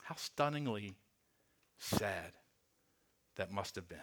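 A man, a pastor, preaching a sermon in an earnest way, slowing and dropping soft on key words. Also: fairly low pitch, expressive, noisy background. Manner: earnest, slows and drops softly on key words; repeats words while restarting.

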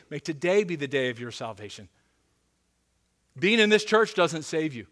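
A man preaching a sermon as pastor, earnest and pleading, dropping to a hushed voice for emphasis. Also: fairly high pitch.

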